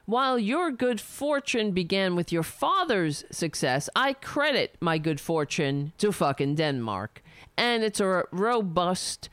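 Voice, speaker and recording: A woman's voice: lowish voice, sing-song, takes it slowly, clear, resonant tone, no echo. A woman hosting a live stream, reading a letter aloud and breaking off into heated, profane rants. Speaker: livestream host.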